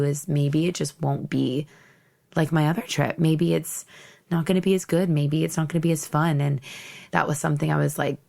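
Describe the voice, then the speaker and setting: A young adult woman hosting a podcast, telling a travel story in casual, profane, animated chat. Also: gravelly. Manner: animated, profane, swings pitch up for emphasis. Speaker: podcast host.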